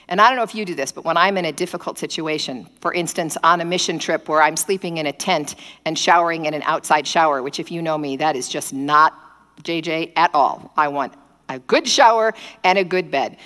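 Woman preacher, lowish voice, animated storytelling sermon, long hall reverb. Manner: animated storytelling, acting out prayers in quoted voices. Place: indoor gathering space.

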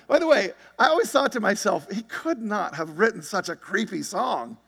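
Male pastor, conversational sermon delivery, high voice, long reverb. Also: animated, normal speed, creaky, a bit bright, slightly rough. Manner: conversational preaching with frequent "right?" and "you see it?".

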